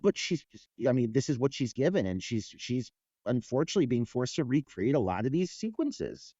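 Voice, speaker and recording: A man's voice: mid-range voice, sing-song, fairly quick, warm tone, no echo, muffled recording. A man co-hosting a horror film podcast, talking casually and hedging with lots of fillers. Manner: hedging, filler-heavy, with mimicked quotes. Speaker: podcast co-host.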